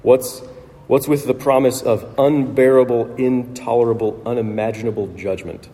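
A man's voice: medium pitch, fairly even intonation, normal speed, warm tone. Earnest male preacher in a reverberant church. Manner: earnest, reflective, with restarts and fillers. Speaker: pastor. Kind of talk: sermon.

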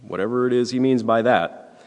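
A man preaching a sermon, earnest and emphatic, repeating his points and clearing his throat often. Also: medium pitch, normal speed, a little mellow, big-room sound. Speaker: pastor.

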